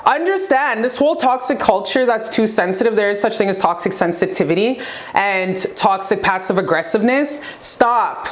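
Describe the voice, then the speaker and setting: A young woman giving a spiritual motivational talk to her viewers, emphatic and preachy, repeating phrases for effect in a forceful way of speaking. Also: medium pitch, expressive, normal speed. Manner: forceful, says she talks aggressively. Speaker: vlogger.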